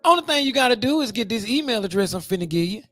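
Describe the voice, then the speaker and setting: A man's voice: sits high, quick pace, dry recording, studio quality, faint music behind. A man hosting his own podcast, rambling and swearing freely as he invites guests. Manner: rambling, profane and animated. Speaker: podcast host. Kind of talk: casual podcast monologue.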